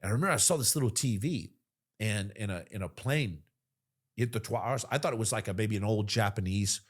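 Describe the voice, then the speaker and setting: Low-voiced veteran man telling war stories. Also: fairly quick, husky. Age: 40s. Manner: animated, profane, swings to loud emphasis. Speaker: podcast guest, military veteran. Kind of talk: casual storytelling.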